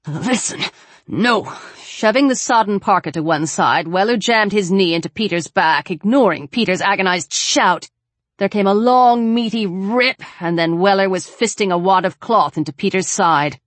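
A woman narrating a novel in a measured, steady reading voice. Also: medium pitch, no room sound. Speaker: audiobook narrator. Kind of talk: scripted narration.

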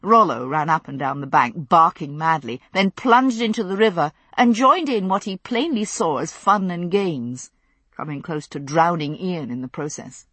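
A woman narrates a novel in a measured, steady way. Her voice sits low and sounds husky. The recording is dry and close to the mic. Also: no echo. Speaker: audiobook narrator. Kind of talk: scripted narration.

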